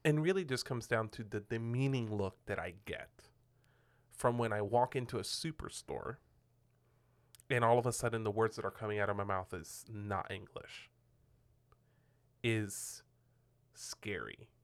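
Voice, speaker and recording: A man's voice: fairly low pitch, expressive, unhurried, pauses often, smooth. A man whose first language is Spanish, co-hosting a marriage podcast and talking earnestly with many restarts. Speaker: podcast co-host. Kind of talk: casual conversation.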